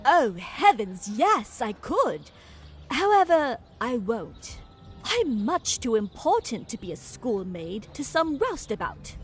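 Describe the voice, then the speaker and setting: A woman's voice: fairly high pitch, sing-song, takes it slowly, faint music behind. An actress voicing a fussy, self-important society lady in a video game, affected, exclaiming and condescending.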